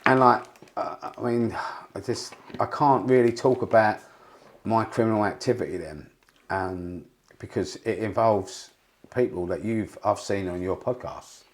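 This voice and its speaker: A man speaks in a fairly low voice as a podcast guest. He rambles through candid stories, swears freely and often restarts his sentences. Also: a little slow. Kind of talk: candid storytelling interview.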